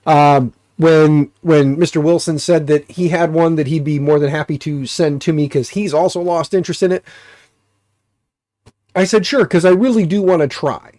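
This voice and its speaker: Hosting a casual live stream, this man with an American accent sounds stuffy and nasal, his voice on the high side with a darkish tone and fairly even intonation at normal speed. He rambles, jokes and leans on fillers; the studio audio is dry.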